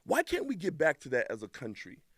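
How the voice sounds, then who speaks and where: A man's voice: fairly high pitch, fairly quick, slightly rough, no echo, studio quality. A man hosting a podcast segment, reading out viewer memes and reacting with mock-angry outbursts. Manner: animated, mock-angry outbursts, shouting at times.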